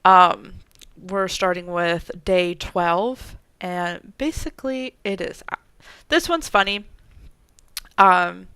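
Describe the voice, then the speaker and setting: Woman host, low-ish smooth voice, dry close mic, rambling casual chat. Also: takes it slowly, bright, forceful tone, dry recording. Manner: chatty, many ums and trailing asides.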